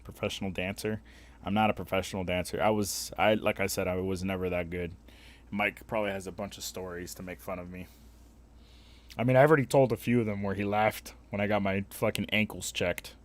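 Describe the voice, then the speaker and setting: A man's voice: deep voice, steady tone, brisk. A young man chatting casually on a live stream, joking crudely and swearing as he answers chat.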